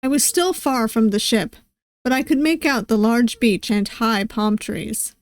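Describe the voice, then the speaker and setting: A VTuber game streamer reads a visual novel aloud in an unhurried, higher-pitched voice. She giggles and pokes fun at her own attempts at character voices, and there is no room sound.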